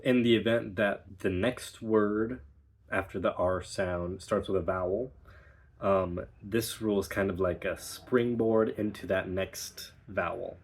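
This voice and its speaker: A young man teaching pronunciation as a dialect coach, explaining patiently and encouragingly. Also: lowish voice. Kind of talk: recorded pronunciation lesson.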